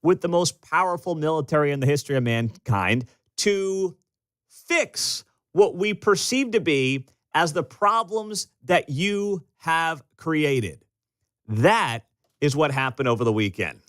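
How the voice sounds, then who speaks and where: Animated American talk radio host. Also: male voice, on the high side, measured pace, no echo. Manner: animated, emphatic, storytelling with acted-out quotes. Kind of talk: opinionated talk radio monologue. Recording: dry studio mic.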